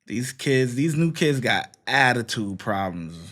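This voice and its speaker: A man's voice: mid-range voice, expressive, a little slow, a bit bright. A man hosting a reaction commentary, opinionated and scolding, mocking the people he watches. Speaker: commentary host.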